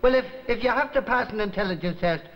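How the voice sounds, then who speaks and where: Man doing dim scruffy sidekick, high voice, heavy hiss on old TV audio. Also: highs cut off, natural voice. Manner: slow on the uptake, echoing the other. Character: slow-witted scruffy male tramp sidekick. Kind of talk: 1960s TV sketch comedy.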